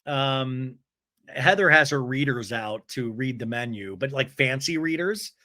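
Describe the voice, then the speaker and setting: A young adult man hosting a podcast, giving a gossipy comedic recap in an animated way. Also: mid-range voice, unhurried. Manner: animated, gossipy, switches into mocking voices. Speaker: podcast host.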